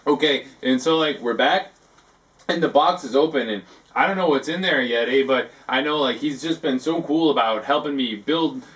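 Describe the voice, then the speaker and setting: A man hosting a comic talk segment, rambling and halting, filling his talk with "like" and tacking on "eh". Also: medium pitch, fairly bright tone, recorded from a distance. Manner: halting, full of "like" and tacked-on "eh". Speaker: host of a parody talk segment.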